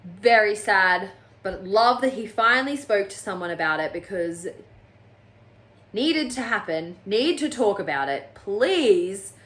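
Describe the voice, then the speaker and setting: A woman's voice: medium pitch, lively intonation, a little slow, a bit bright. A woman reviewing a book on her channel in a casual, sarcastic and exasperated way, often mocking the characters.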